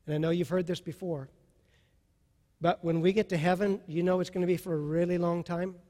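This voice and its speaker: A male pastor preaching a sermon with passion, dropping soft and then rising to loud. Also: sits high, fairly even intonation, fairly quick, in a large hall.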